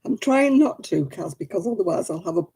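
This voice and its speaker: Middle-aged British woman hosting a homely stream, friendly chatter to viewers, soft husky voice. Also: lowish voice, lively intonation, fairly quick. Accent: British English. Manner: chatty, greeting viewers by name. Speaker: livestream host. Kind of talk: casual live-stream chat.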